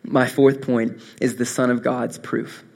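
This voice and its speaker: A young man preaching a sermon, earnest and swinging from soft, intimate moments to impassioned rises. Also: medium pitch, level tone, measured pace, vocal fry. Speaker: pastor.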